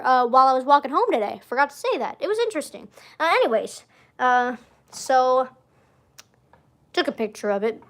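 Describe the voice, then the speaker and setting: A woman's voice: high voice, a bit bright. A young woman chatting casually on a livestream, rambling, interrupting herself and giggling often. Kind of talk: casual stream chat.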